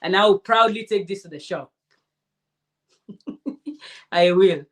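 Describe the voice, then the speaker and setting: A woman's voice: mid-range voice, slow pace. Heartfelt woman chatting on a livestream. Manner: chatty, heartfelt, answers viewer comments aloud. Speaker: crafting channel host. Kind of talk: casual livestream chat.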